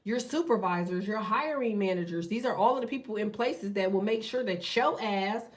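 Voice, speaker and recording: A woman hosting a tarot channel, talking in a blunt, profane, fast casual rant. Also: medium pitch, distant mic. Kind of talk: casual ranting monologue.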